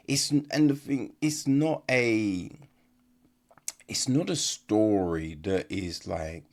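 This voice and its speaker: A man talks through a film review in a loose, rambling podcast chat, leaning on fillers and tossing in "right?" again and again. His pitch rises and falls with lively movement, and he takes his time, speaking at an unhurried pace. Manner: rambling, exasperated, lots of fillers and rhetorical "right?".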